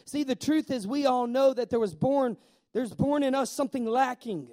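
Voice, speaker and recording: A man preaching a sermon in a lively way, asking the congregation questions and slowing down to stress key words. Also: extremely high pitch. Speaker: pastor.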